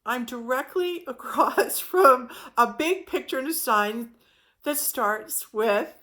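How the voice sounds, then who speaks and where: A woman's voice: high-pitched, expressive, takes it slowly, sharp tone. A woman giving an informal spiritual talk, speaking in a reflective, meandering way with frequent restarts.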